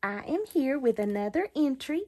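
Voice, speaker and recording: A woman's voice: high voice, lively intonation, moderate pace, a little mellow. A woman hosting her craft channel, chatting casually as she unboxes mail, gushing with thanks and delighted exclamations.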